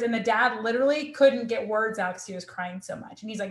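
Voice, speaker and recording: A woman's voice: fairly high pitch, fast, few pauses. A woman in her thirties telling her own story in conversation, earnest and reflective, often quoting her own thoughts aloud. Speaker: guest sharing her story. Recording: echoey room.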